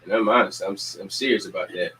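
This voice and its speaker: Energetic man rallying his community. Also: deep voice, fast, a little hiss or hum, low-quality recording. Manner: preacher-like repetition, energetic calls to action. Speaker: community organizer and show host. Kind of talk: casual community announcements.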